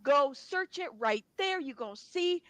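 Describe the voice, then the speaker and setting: A woman's voice: sits high, expressive, measured pace, a bit bright, no echo. A woman co-hosting a casual commentary show, reading a document aloud with sarcastic disbelief. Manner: incredulous, sarcastic.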